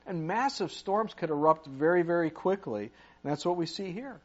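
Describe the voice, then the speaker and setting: A man preaches in a relaxed, conversational way, reading scripture aloud and speaking directly to his congregation. His voice sits a little high for a man. When he acts out pleas for help, his delivery grows loud. The recording is muffled and lo-fi. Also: moderate pace. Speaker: pastor. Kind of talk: sermon.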